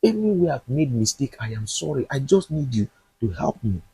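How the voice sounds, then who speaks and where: A man's voice: mid-range voice, animated, normal speed, dark tone, slightly rough, no echo. A man doing a pleading heartbroken father. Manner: earnest, pleading. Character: struggling middle-aged father, wounded and pleading.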